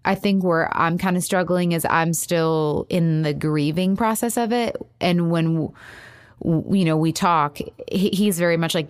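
A woman talking through a painful separation, halting with many restarts and quoting herself. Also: lowish voice, clear, resonant tone. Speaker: caller seeking advice. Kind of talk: emotional personal conversation.

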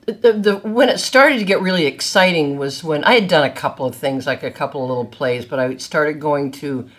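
A woman's voice: low voice, brisk, a bit bright. An older woman from Canada, an actress being interviewed, talking casually and chattily and poking fun at herself. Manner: self-deprecating, chatty. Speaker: guest, actress.

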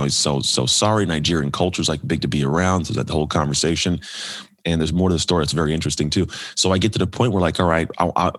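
A man with a low, slightly husky voice talks quickly and animatedly, telling a personal story as a podcast guest. He slips into other people's voices as he quotes them. The sound is close and dry. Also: no room sound. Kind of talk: storytelling in a casual interview.

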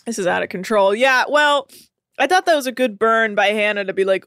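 A woman's voice: fairly high pitch, a little fast, a bit bright, dry recording, clean studio sound. A woman podcast host recapping a reality show in casual, profane, laughing chat.

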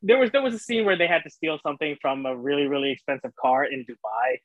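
A man's voice: a little high, big pitch swings, fast, no room sound, phone-quality sound. A man guesting on a casual podcast chat, hesitant and searching for words.

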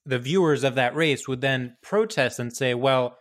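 A man hosting a casual podcast, with campy jokes and deadpan asides. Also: medium pitch, moderate pace. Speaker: podcast host.

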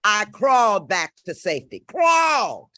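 An older woman telling stories in a loud, animated and very profane casual chat. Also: medium pitch, moderate pace, no echo, clean studio sound.

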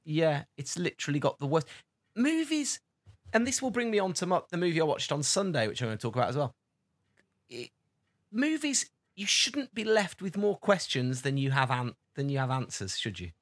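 A man's voice: a little high, big pitch swings, normal speed, no echo. A man, co-hosting a casual podcast chat with teasing banter. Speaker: podcast co-host.

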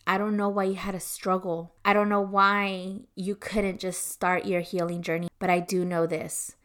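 A woman's voice: mid-range voice, little pitch movement, moderate pace, fairly bright tone, clean tone. A woman hosting a Christian podcast, speaking earnestly and encouragingly in a conversational way, with many casual fillers. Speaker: podcast host. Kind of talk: faith-based podcast devotional talk.

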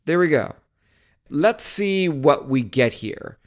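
Male host, casual walkthrough, loose chatty delivery, voice a touch high. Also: animated, takes it slowly. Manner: loose, chatty, thinking aloud with fillers. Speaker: marketing video host. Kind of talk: casual screen-recording walkthrough.

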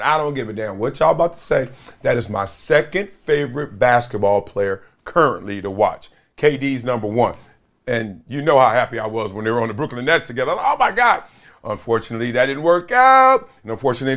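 A middle-aged man runs a solo sports talk show with a lively, swooping delivery. His voice sits a little high for a man. He tells stories with energy and acts out the people he quotes and the sounds he describes. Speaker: podcast host.

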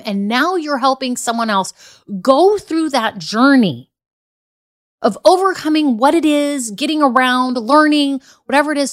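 A middle-aged woman coaching business owners on a solo podcast, chatty and emphatic, repeating her points and poking fun at herself. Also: on the high side. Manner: emphatic and repetitive, chatty storytelling; self-deprecating, casual fillers. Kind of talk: solo podcast talk, motivational.

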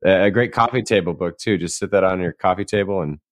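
A man's voice: low voice, fast talker, dry recording, clean studio sound. A man co-hosting a podcast in casual chat, irreverent and jokey, swearing freely. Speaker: podcast co-host.

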